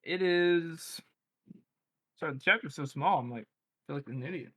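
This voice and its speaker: A man's voice: on the high side, moderate pace, no room sound. A man co-hosting a podcast, answering in casual, slightly hesitant and self-deprecating chat. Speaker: podcast co-host.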